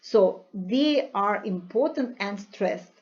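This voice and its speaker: A woman teaches from a textbook, explaining grammar and vocabulary. She speaks very slowly and deliberately, pausing often, at a middle pitch. The recording sounds dull and lo-fi. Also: expressive, breathy edge. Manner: slow, careful explaining with frequent pauses. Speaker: English teacher.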